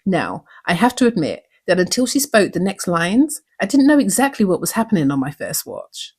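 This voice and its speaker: With big pitch swings around a medium register, this woman recaps a TV episode on her own channel at normal speed. Her tone is darkish and breathy, and she is earnestly emotional, asking lots of rhetorical questions.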